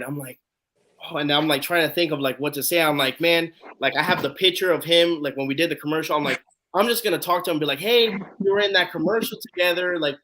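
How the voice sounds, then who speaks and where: A man with a bright, fairly high voice hosts a live online chat. He tells a long story casually and acts out the lines of the people in it. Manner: animated storyteller acting out quotes. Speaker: host.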